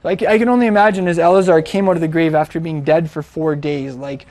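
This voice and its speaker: A man's voice: fairly high pitch, fairly even intonation, fast, a little mellow. A man retelling a story in a chatty, informal way, with frequent restarts and fillers. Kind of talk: casual storytelling.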